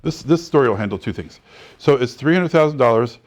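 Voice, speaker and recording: A mid-range male voice, a little fast, leads a classroom lecture on real estate packed with anecdotes. He's an animated storyteller, voicing the characters' lines and laughing a lot.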